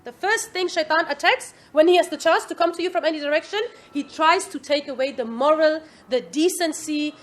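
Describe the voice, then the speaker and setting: High-voiced woman teaching an Islamic class. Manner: asks the class "Yes?" often, lively quoting. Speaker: religious teacher.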